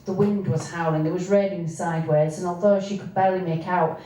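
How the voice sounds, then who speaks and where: A woman reading from her own novel, with hesitant spoken asides between steady passages. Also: on the low side, brisk. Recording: echoey room, distant mic, faint noise.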